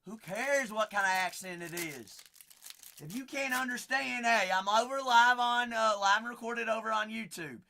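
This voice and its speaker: A man's voice: sits high, moderate pace, gravelly, bright, forceful tone. A young man with a Southern Kentucky twang, hosting a live card-break stream with folksy, hyped sales banter.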